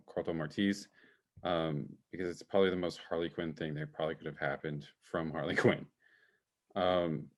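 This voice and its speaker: A man co-hosting a casual film podcast over a video call, talking enthusiastically with many fillers. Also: deep voice. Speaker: podcast co-host, film reviewer.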